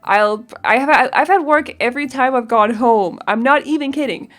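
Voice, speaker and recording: A woman's voice: high-pitched, normal speed, a bit bright. Giggly young woman chatting. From Denmark. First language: Danish. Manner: rambling and giggly, searching for words. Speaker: game builder. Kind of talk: casual voice-over chat.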